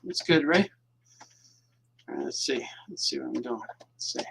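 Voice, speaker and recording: A man's voice: medium pitch, expressive, normal speed, vocal fry, a bit bright, a little hiss or hum. A man, a cartoonist, chatting casually to his viewers at home at night while he draws, rambling and repeating himself as his thoughts drift. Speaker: cartoonist hosting his own show.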